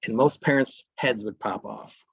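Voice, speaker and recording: A man's voice: mid-range voice, moderate pace, a bit bright, slightly rough, no echo. A man presenting a parenting workshop, talking casually and acting out short lines from parents and kids. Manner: conversational, acts out parents and kids in brief quotes.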